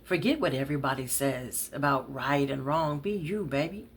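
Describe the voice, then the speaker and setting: A woman's voice: extremely low pitch, normal speed, slight background noise. A woman voicing an earnest man who presses a woman to be honest. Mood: pressing. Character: intense man pleading with a woman.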